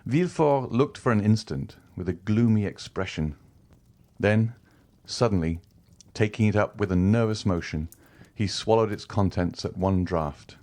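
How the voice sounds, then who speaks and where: A man narrating a classic novel audiobook in a measured, even storytelling manner. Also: lowish voice.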